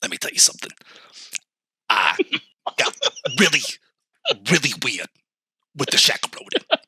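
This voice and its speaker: A man's voice: sing-song, moderate pace, pushed and bright, a little hiss or hum, heavily acted. A man doing a bombastic TV sports pundit. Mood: ranting. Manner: emphatic, preachy, lowered voice.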